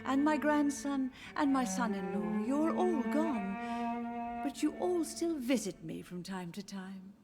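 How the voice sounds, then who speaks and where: A woman's voice: high-pitched, expressive, unhurried, loud music behind the voice. A frail, confused old mother. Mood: gently deluded. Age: older. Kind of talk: game dialogue.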